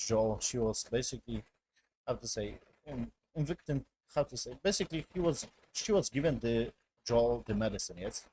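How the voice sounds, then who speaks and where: This man's voice sits in the mid range with a darkish tone. Reviewing a show episode, he gives a loose, rambling recap in broken, non-native English, swearing freely and checking in over and over with "basically" and "yes?".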